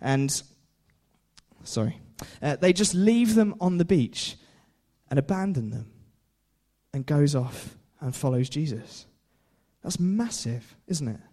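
A man's voice: fairly high pitch, lively intonation, takes it slowly, warm tone. A young man preaching a casual sermon, chatty, laughing often and putting questions to his listeners. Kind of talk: informal sermon.

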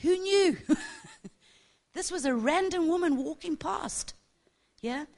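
A woman's voice: extremely high pitch, expressive, slow pace, a little mellow. A middle-aged woman teaching a church group on prophecy, passionate and chatty, often tagging her points with "yeah?". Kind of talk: informal teaching talk.

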